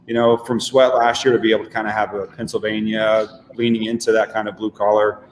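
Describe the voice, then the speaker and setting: A man's voice: fairly low pitch, level tone, brisk, slight background noise. A man, a stage actor, talking casually about his craft, with many ums and restarts. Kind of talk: casual chat. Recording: echoey room with long reverb.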